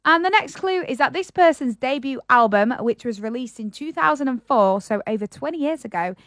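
A woman's voice: high-pitched, expressive, brisk, a bit bright, no room sound, clean studio sound. A woman co-hosting a weekend morning radio show, reading out quiz clues in a playful, chatty way. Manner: playful quiz-giving, sings snatches. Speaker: radio co-host. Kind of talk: casual radio chat.

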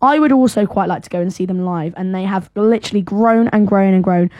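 A young woman co-hosting a live radio show, chatting enthusiastically and dropping into softer asides. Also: mid-range voice, a little fast, no echo. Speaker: radio co-host. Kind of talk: casual radio chat.

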